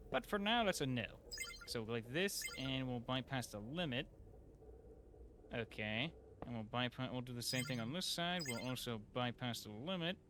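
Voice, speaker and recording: A man giving casual gameplay commentary, excitable and self-mocking, with lots of fillers and sudden yelps. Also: mid-range voice, a little hiss or hum. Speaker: gameplay youtuber. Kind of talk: casual let's play commentary.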